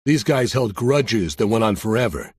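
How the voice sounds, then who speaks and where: Male audiobook narrator, first person, husky and animated, dry delivery, close dry sound. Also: lowish voice, moderate pace, no room sound.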